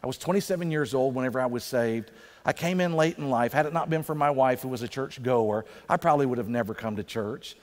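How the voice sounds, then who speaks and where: Man preaching in a reverberant church. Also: medium pitch. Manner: conversational preaching with emphatic slowdowns. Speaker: pastor. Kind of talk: sermon. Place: church sanctuary.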